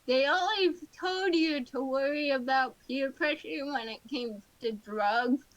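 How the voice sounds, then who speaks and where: A woman's voice: high-pitched, measured pace, dry recording, poor audio. A woman streamer chatting casually with a friend and her chat, playful and often mock-whining. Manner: playful, whiny mock-crying. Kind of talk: casual stream chat while gaming and drawing.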